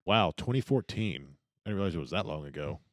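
A man's voice: low-pitched, animated, fast talker, no room sound, clean studio sound. A man in casual chat, matter-of-fact and full of trivia.

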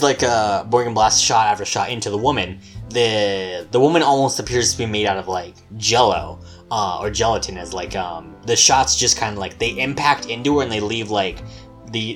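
A man who runs the game casually recounting a tabletop session, rambling with lots of fillers and the odd swear word. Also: lowish voice. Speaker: game master.

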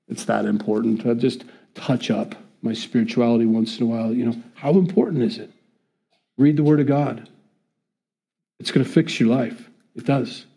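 A man's voice: mid-range voice, creaky, mellow, breathy edge. A man preaching a conversational sermon, asking his listeners rhetorical questions. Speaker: pastor.

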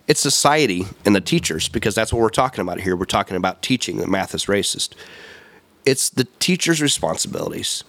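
A man's voice: lowish voice, a bit bright, no echo. A man hosting a solo podcast, ranting in an emphatic, rambling way, repeating words and correcting himself. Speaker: podcast host. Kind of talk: solo opinion podcast rant.

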